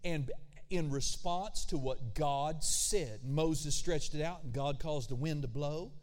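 A man preaching a sermon as pastor, animated, with conversational asides and acted-out voices. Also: fairly high pitch, slow. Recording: long hall reverb.

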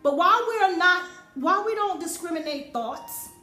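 A woman's voice: extremely high pitch, animated, moderate pace, bright, forceful tone. A woman preaching a sermon, driving points home by repeating phrases with rising force. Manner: emphatic, repeating phrases for effect. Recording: roomy echo with faint music.

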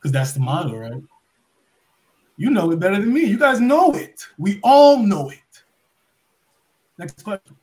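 A man from New York giving an impassioned monologue full of rhetorical questions, swinging between loud and soft as a podcast guest. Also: high voice, very animated, unhurried, long pauses.

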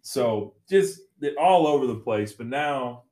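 A man co-hosting a movie podcast in casual chat, halting and correcting himself as he talks. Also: mid-range voice, expressive, darkish tone, reverberant. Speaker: podcast co-host.

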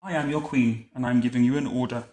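A man's voice: medium pitch, fairly even intonation, quick pace, a little mellow, lightly acted. A man voicing a grand, bossy elderly queen in a storybook reading, speaking in a stately, commanding way. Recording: roomy echo.

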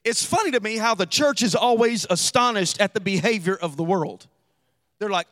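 A man preaching a sermon as pastor, dropping to quiet asides and rising to shouted, sung emphasis. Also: sits high, expressive, normal speed.

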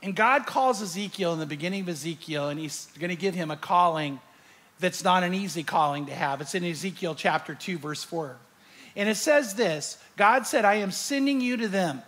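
A man's voice: fairly high pitch, normal speed, a bit bright. A man preaching to a large live audience, telling a story animatedly and acting out his own fright. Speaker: pastor. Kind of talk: sermon with storytelling.

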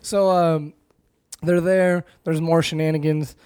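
A man's voice: on the high side, little pitch movement, takes it slowly, a little mellow, clear, resonant tone, dry recording, studio quality. A man co-hosting a podcast, casually recapping a performance in a rambling storytelling way and acting out the lines. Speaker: podcast co-host.

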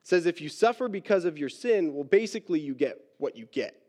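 High-voiced man preaching a casual sermon. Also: expressive, darkish tone. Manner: casual and self-deprecating, acts out Bible characters with quick asides. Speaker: pastor. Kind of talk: conversational sermon.

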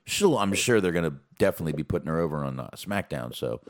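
A man with a very low voice talks in a casual, rambling way on a podcast. His pitch swings widely as he gets animated. He swears freely and fills gaps with ums. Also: fast. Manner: profane, animated, rambling with fillers. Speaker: podcast co-host. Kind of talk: casual wrestling recap chat.

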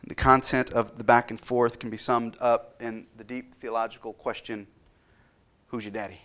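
Male pastor, 30s, mid-pitched; earnest sermon delivery that builds when reading scripture. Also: level tone, moderate pace, a bit bright, clear, resonant tone.

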